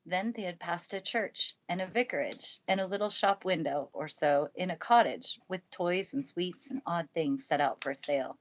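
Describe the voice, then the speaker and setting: A woman with a lowish voice reads a classic children's book aloud in a calm, steady manner. She is recorded with a studio mic in a family room by the fireplace. The sound comes across a bit dull and lo-fi. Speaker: narrator. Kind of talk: live storybook reading aloud. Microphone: good studio mic.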